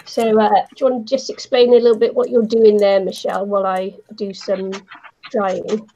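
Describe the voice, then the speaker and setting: A woman with a New Zealand accent hosting a casual crafting livestream, losing her voice from hay fever and slowly explaining each step as she works. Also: mid-range voice, level tone, mellow, muffled recording, a little hiss or hum. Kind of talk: casual chat while crafting.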